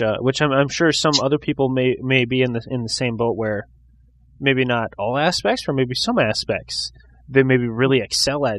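A man's voice: medium pitch, a bit bright. A man hosting a casual podcast chat, rambling and restarting his sentences. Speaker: podcast host.

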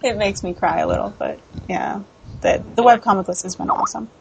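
A woman's voice: mid-range voice, a little fast, vocal fry, noisy background. A woman from Colorado co-hosting a casual podcast chat, laughing often as she talks. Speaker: podcast co-host.

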